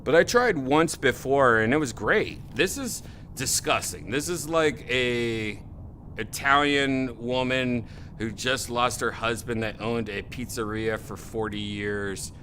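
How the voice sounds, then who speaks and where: A man's voice: mid-range voice, takes it slowly, sharp tone, a little hiss or hum. A man hosting a podcast, in loose casual chat with rambling, laughing riffs. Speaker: podcast host.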